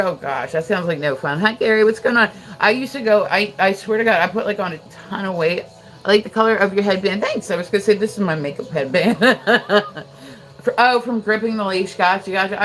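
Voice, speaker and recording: A woman's voice: mid-range voice, a little fast, fairly bright tone. A woman hosting a livestream, chatting casually with viewers, rambling with lots of fillers and frequent laughter. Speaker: livestream host.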